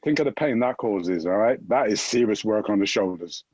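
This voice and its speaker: A man's voice: fairly low pitch, a little fast, dry recording. A man from Jamaica with a Jamaican accent, chatting as an upbeat fitness guest and often tagging his points with "right?". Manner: energetic, keeps tagging "right?". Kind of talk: upbeat motivational chat.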